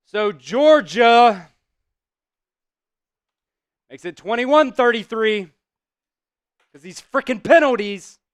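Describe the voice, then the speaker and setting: Excitable high-voiced male stream commentator. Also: slow pace, long pauses, smooth, dry recording. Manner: excitable, swears, talks to chat. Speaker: host doing live play-by-play. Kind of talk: casual live-stream commentary.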